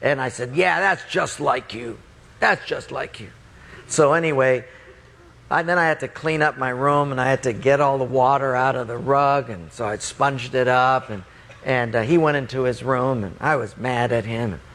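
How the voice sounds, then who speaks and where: A man preaching, telling a personal story in an animated way, laughing and jumping up in pitch. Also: normal speed. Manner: animated, laughing, pitch jumps high in the funny parts. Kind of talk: storytelling sermon.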